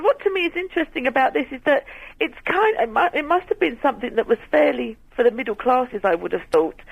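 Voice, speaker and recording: Husky woman calling in by phone. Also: high-pitched, no room sound. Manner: chatty and giggly, with halting restarts. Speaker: radio caller. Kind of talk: phone-in chat. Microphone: telephone. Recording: dry, husky phone line.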